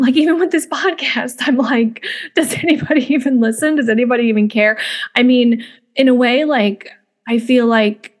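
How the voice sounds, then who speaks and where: A woman's voice: a little high, a little mellow. A young woman hosting a music podcast, talking casually with lots of fillers and restarts. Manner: chatty, many fillers and restarts. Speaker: podcast host. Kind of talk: casual spoken commentary.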